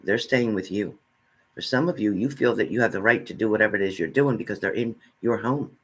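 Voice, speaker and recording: A man's voice: on the low side, a little fast, husky. A man giving a spiritual reading, speaking earnestly and straight to the listener, repeating his phrases. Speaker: spiritual reader.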